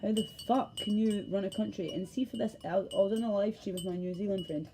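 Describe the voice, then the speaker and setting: In this casual to-camera monologue, a Scottish woman vlogger rants in a heated, meandering way, swearing and stopping herself mid-thought. She speaks fairly quickly in a warm, medium-pitched voice, with a little hiss or hum in the audio.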